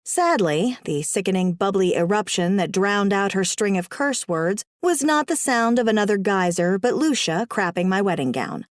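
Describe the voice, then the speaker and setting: A woman narrating a first-person audiobook in a wry, comic, expressive way. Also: mid-range voice, moderate pace, hardly any pauses, no room sound, clean studio sound.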